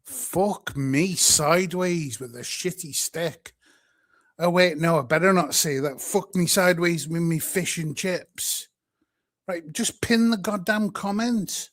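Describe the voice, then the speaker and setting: A man's voice: on the high side, takes it slowly, fairly bright tone. A British man hosting a livestream, ranting in an angry, profane, exasperated way. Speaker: livestream host. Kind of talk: profane live-stream rant.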